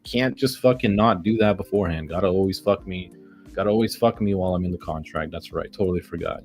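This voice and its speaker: A deep-voiced man narrates his own day trading live, cursing at every chart. He talks in a frustrated, profane rant full of sarcastic digs at himself. Soft music plays faintly behind him. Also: fast. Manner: profane, frustrated ranting at the market; sarcastic self-mockery. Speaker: day trader streaming his trades.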